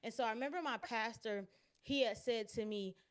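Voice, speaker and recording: A woman's voice: on the high side, brisk, smooth. A woman telling a candid personal faith testimony in an interview, acting out what people said. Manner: candid, expressive storytelling with quoted dialogue and restarts. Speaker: interview guest.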